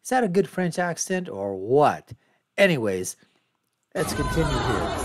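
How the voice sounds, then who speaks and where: A man's voice: a little high, very animated, measured pace, crowd noise. A man hosting his own show, giving scornful, ranting commentary over news footage. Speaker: show host.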